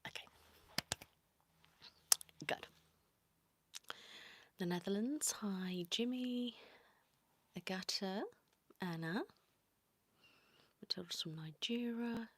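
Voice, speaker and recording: A woman hosting a whispered ASMR livestream, greeting viewers by name in a soft whisper. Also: medium pitch, very slow, pauses often, no room sound. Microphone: close sensitive mic.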